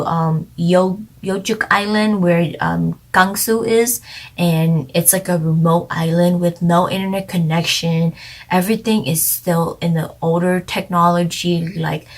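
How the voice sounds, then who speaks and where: A young woman talks through a drama review in a loose, chatty way. Her voice sits a little low for a woman. She laughs often and leans on "like" as she goes. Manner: chatty, lots of "like" fillers, laughs easily.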